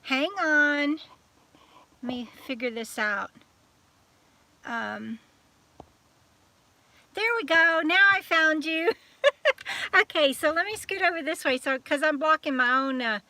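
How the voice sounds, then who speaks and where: A YouTube channel host with a Southern US accent runs a live-stream chat, greeting viewers one at a time in a chatty, scattered way. Her voice is high-pitched and sharp, at a moderate pace, with no room sound.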